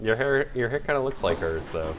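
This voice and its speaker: A young man co-hosting a casual podcast chat, teasing in a dry, low-key way. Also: expressive, a little fast, a little hiss or hum. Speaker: podcast co-host.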